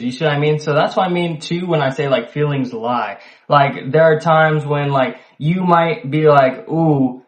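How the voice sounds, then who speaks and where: A man talking to camera in a loose, conversational monologue, full of fillers and the odd swear word. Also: a little high. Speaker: solo video host. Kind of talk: casual reflective monologue. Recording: echoey room, poor mic.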